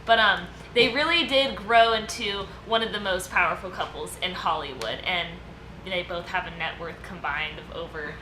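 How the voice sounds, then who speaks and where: A woman with a fairly low voice talks at a normal speed while co-hosting a casual podcast discussion. She presents her segment loosely and chattily, with plenty of fillers and easy laughter. The room is echoey, and a steady background noise runs throughout.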